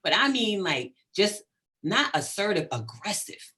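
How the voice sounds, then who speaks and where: A middle-aged woman, a psychologist guest in an interview, talking in an animated, emphatic way and checking in often with "right?". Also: medium pitch, a little slow. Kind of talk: conversational interview.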